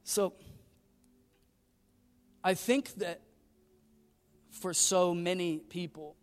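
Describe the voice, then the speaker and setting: A man's voice: sits high, steady tone, extremely slow, in a large hall, faint music behind. A male pastor giving a sermon in a church, mixing worship talk with a self-deprecating travel story. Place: church sanctuary.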